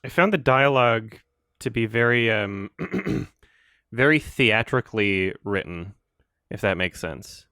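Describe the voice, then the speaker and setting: A man's voice: mid-range voice, animated, a little slow, sharp tone, no echo, clean studio sound. A man co-hosting a podcast, chatting casually about a film, rambling and laughing often. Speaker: podcast co-host.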